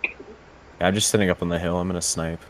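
A young man in casual gaming chat, calmly explaining tactics to his squad. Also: low-pitched, fairly quick, a little hiss or hum. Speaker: gamer. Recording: game gunfire behind.

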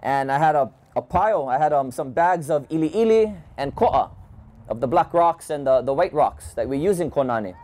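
A man from Hawaii telling a cultural story in a measured, thoughtful way with frequent restarts. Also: fairly high pitch, expressive, darkish tone. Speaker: community leader. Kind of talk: storytelling talk. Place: home gathering, indoors.

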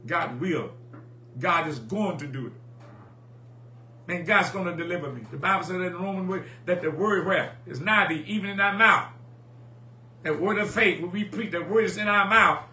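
A man's voice: sits high, brisk, bright, forceful tone. A man preaching a sermon in a rhythmic, repeating call-and-response style, recorded in an echoey church with a faint hum. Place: church sanctuary.

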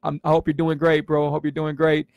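A man's voice: a little high, monotone, fairly quick, gravelly, dry recording, muffled recording. A man in his forties talking in a casual livestream, earnest and emotional, who repeats himself and stumbles over his words. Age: 40s. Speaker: vlogger sharing his health story on a livestream.

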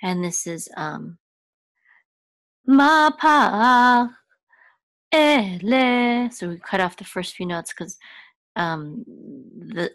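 Patient female teacher, slow delivery, moves between soft explanation and chanted words, dry close sound. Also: fairly low pitch, no room sound. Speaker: Hebrew teacher. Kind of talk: chanting lesson with spoken explanations.

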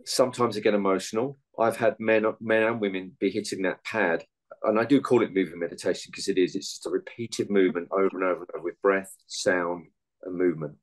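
A man's voice: deep voice, fairly even intonation, a little fast, low-quality recording. A man, a meditation and martial arts coach, giving earnest interview answers full of anecdotes from his coaching.

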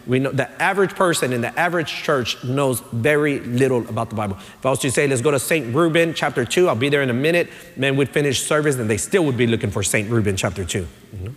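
A man pastor, preaching a sermon, who tells stories in a relaxed way and builds up to emphatic points. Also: medium pitch, fast talker, few pauses. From Texas, USA. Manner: conversational storytelling, builds to emphatic. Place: church sanctuary. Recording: long church-hall reverb.

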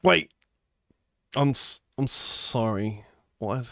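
A man live-streaming in casual chat, flustered and pleading, saying he is tired and a little high, who repeats words in bursts. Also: unhurried, darkish tone, no room sound, studio quality.

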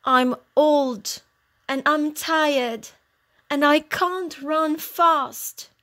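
A woman's voice: sits high, extremely slow, fairly bright tone, voice pushed up, full character voice. A woman voicing a tired old male dog in a children's storybook reading, with a raised, weary voice.

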